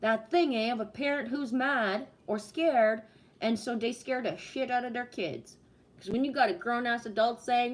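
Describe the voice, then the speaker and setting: A middle-aged woman from Canada hosts a casual livestream chat. Her voice sits a bit high, and she tells stories in an animated way, peppered with swearing. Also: normal speed. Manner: animated storytelling with heavy swearing. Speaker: livestream host.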